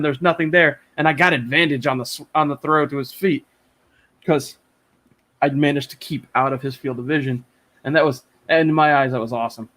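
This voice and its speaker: A man guest in casual chat over a video call from home, talking in an excited, rambling way and swearing freely. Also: a little high. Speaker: interview guest.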